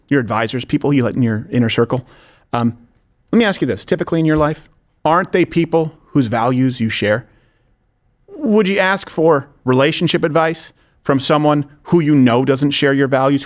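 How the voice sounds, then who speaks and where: A man's voice: mid-range voice, animated, moderate pace. A man hosting a political commentary show, talking emphatically and sarcastically, repeating his points for effect. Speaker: show host.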